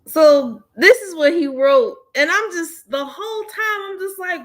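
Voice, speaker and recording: A woman hosting an online book club, chatting casually and directly to her viewers, animated and often laughing in exasperation. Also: very high-pitched, measured pace, few pauses. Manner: talks straight to viewers. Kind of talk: casual chat.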